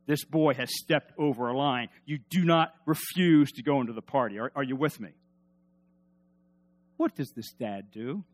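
A man preaching a sermon in an emphatic, animated way, asking the congregation to respond. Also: medium pitch, moderate pace. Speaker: pastor.

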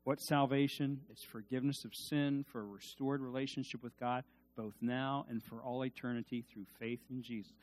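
A man preaching a sermon in a conversational way, swinging from quiet asides to loud, emphatic peaks, with restarts and repeated words. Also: mid-range voice, steady tone, normal speed.

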